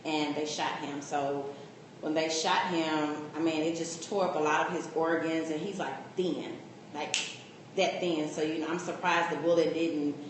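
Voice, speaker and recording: A woman giving a casual, animated personal testimony at a coaching meeting. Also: deep voice. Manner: casual, animated storytelling with laughter. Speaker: coaching client. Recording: echoey room with faint noise.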